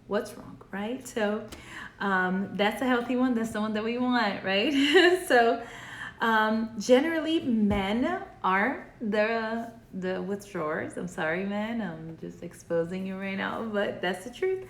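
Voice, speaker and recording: A woman's voice: mid-range voice, slow pace. A woman therapist giving a casual video lesson, explaining conversationally and often checking in with "right?". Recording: echoey room, faint background hum.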